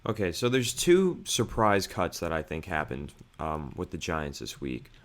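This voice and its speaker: Very deep-voiced podcast co-host. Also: male voice, a little slow. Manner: eager, opinionated, steady explaining. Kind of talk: casual sports podcast chat.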